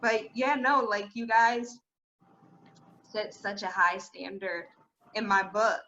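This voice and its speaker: A woman's voice: mid-range voice, steady tone, slow, pushed and bright, highs cut off, slight background noise. A woman hosting a podcast, talking in an effusive, emotional way and gushing with admiration. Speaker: podcast host. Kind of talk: casual conversation.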